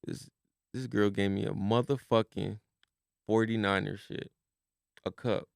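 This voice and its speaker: A man's voice: on the low side, fairly even intonation, unhurried, creaky, no room sound, clean studio sound. A man in his thirties co-hosting a podcast, joking and rambling through stories with plenty of swearing. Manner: joking, profane, rambling storyteller. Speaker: podcast co-host. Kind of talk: casual chat.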